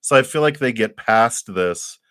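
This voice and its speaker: A man's voice: mid-range voice, animated, unhurried, a bit bright, smooth. A man giving tarot readings on a live stream, chatty and thinking aloud, laughing often between thoughts. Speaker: tarot reader.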